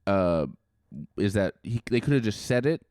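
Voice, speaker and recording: A man's voice: fairly low pitch, moderate pace, clean tone, no room sound, clean studio sound. Sarcastic man ranting about a movie. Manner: sarcastic, animated, swears and laughs often. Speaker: podcast co-host. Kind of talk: casual chat recapping a movie.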